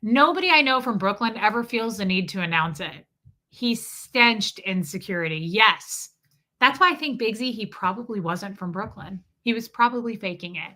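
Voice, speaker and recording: Here a woman from the American Midwest runs a laid-back live stream, talking to her audience with plenty of sarcasm. Her medium-pitched voice is animated, bright and forceful at a normal speed, and she rants while tossing in mocking impressions.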